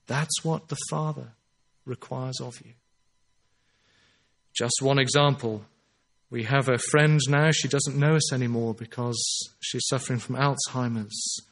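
A man preaching a sermon in an earnest, emphatic way, slowing down on his key phrases. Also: medium pitch, steady tone, a bit bright.

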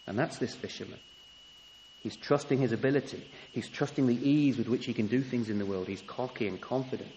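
A man's voice: medium pitch, fairly quick, darkish tone, muffled recording, a little hiss or hum. A man preaching a sermon, emphatic, often rising to a raised voice on key points. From England. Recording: long hall reverb, faint ambience.

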